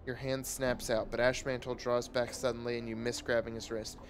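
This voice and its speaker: A man streaming a game who reads its text aloud in a steady, measured way. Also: mid-range voice, slight background noise.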